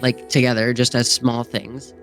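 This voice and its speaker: A man's voice: mid-range voice, little pitch movement, moderate pace, a bit bright, soft background music. A man from the United States in casual group chat, hedging and filling his talk with lots of "like". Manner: hedging, filler-heavy talk with many "like"s.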